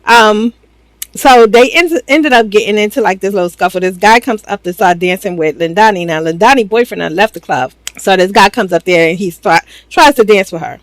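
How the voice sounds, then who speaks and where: A woman's voice: mid-range voice, brisk, dry recording, poor audio. A woman giving a chatty, slangy, casual recap of a reality show, laughing often. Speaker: reaction channel host.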